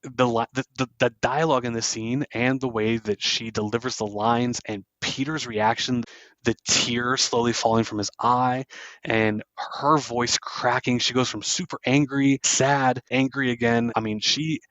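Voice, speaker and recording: A man's voice: mid-range voice, fairly even intonation, a little slow, fairly bright tone, dry recording, lo-fi sound. A man hosting a casual podcast, retelling movie scenes and briefly acting out the characters' lines. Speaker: podcast host. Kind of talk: casual movie recap chat.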